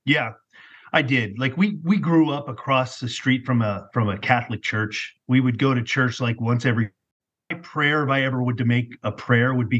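A man's voice: medium pitch, moderate pace, fairly bright tone, slightly rough, muffled recording. A man guest on a podcast, candidly telling his own story in casual talk and often repeating words as he goes.

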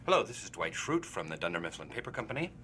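A man's voice: lowish voice, big pitch swings, fast talker, slight background noise. An actor playing a stiff, formal paper salesman in a sitcom. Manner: stiff and formal, then shouting. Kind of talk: sitcom acting.

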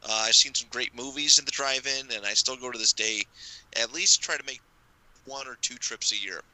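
A man's voice: mid-range voice, fairly quick, bright, forceful tone, low-quality recording. A man guesting on a podcast, talking in a loose, rambling way with many restarts. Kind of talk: casual chat.

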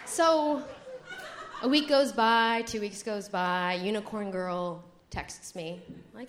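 A young adult woman telling a comedic story to a live audience, animated and giggly, acting out her friends' voices. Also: medium pitch, takes it slowly, pauses often, a little hiss or hum.

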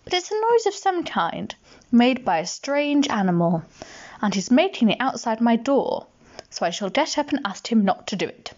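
A woman voicing a gentle, dreamy, slow-witted male toy bear in a storybook reading, in a soft, earnest, musing way. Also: a little high, very animated, highs cut off, voice pushed up. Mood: puzzled.

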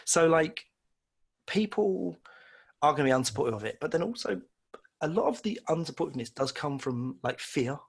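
A man's voice: fairly high pitch, sing-song, normal speed, creaky, slightly rough. A man, a guest on an interview, telling casual, rambling, self-deprecating stories and acting out the voices of people he quotes. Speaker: illustrator guest. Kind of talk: casual storytelling in conversation.

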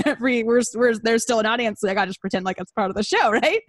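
A woman's voice: a little high, lively intonation, quick pace, no echo. Woman playing a young soprano girl, torn and rambling, dry sound. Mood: flustered. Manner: hesitant, rambling.

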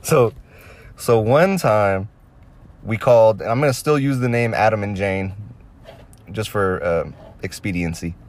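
A man's voice: fairly low pitch, measured pace, pauses often. A young man casually recounting old stories in a laid-back, amused way. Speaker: storyteller. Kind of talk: casual anecdote.

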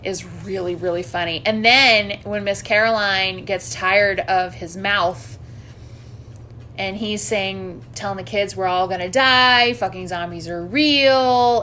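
A woman's voice: medium pitch, sharp tone, slight background noise. A woman co-hosting a casual podcast, animatedly recapping a movie and swearing freely. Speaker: podcast co-host.

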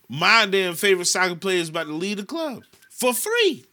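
Bright-voiced American man ranting. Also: high voice, unhurried, pauses often. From United States. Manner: animated ranting, heavy cursing. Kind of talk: casual chat.

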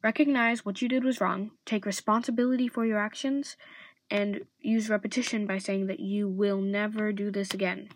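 A woman's voice: medium pitch, steady tone, moderate pace, dry recording, poor audio. Earnest woman giving casual advice. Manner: earnest, with frequent restarts. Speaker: host giving friendship advice.

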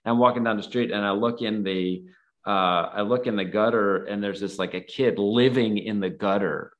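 A man's voice: lowish voice, steady tone, normal speed. A man telling a personal story in a casual, earnest way, rambling and full of "like" fillers. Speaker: guest, photographer and nonprofit founder.

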